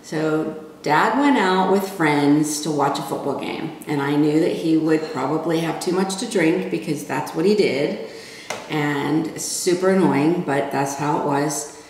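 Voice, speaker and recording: A woman's voice: low voice, measured pace, a little hiss or hum. A middle-aged woman telling a personal family story in a casual, conversational way. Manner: conversational, relaxed, plain-spoken. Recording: very echoey room, mic far off.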